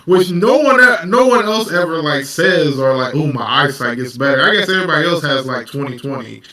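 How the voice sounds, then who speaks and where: A man's voice: medium pitch, expressive, a little fast, recorded from a distance, a crowd in the background. A man hosting a casual anime discussion, laid-back, laughing and profane. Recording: echoey room, off-mic.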